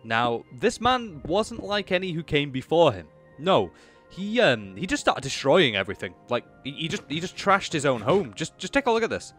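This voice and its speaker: A young man commentating a video game, excitable, chatting to enemies and pets and swinging from low mutters to high exclamations. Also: normal speed, soft background music. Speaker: gaming YouTuber. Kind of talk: live gameplay commentary.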